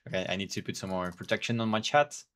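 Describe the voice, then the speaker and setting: A man whose first language is Portuguese, chatting casually and haltingly while streaming a game and thinking aloud. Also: low-pitched, steady tone, a bit bright. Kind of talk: casual gameplay stream chat.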